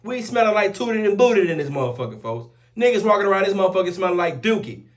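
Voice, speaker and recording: High-voiced man telling a wild story. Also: quick pace. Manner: animated, profane street slang, repeats oaths like "on my kids, folks". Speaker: storyteller vlogger. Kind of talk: casual storytelling to camera.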